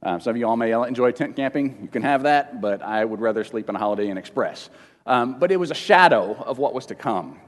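Guy giving a chatty bible lesson, stumbles and repeats himself, long hall echo. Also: mid-range voice. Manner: halting, repeats words, self-deprecating jokes. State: emotional at times. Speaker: preacher teaching a Bible lesson. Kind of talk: informal teaching sermon with questions to the room. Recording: long reverb of a large hall.

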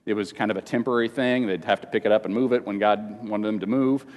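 A man teaching a Bible lesson to a congregation in a casual, halting way, often repeating words and slipping in jokes, at times emotional. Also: on the low side, steady tone. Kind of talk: informal teaching sermon with questions to the room. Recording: long reverb of a large hall.

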